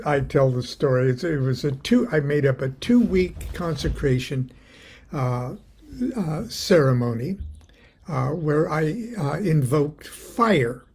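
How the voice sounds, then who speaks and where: An older man hosting a casual chat, rambling and halting with many fillers. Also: mid-range voice, gravelly, darkish tone, breathy edge. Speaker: host.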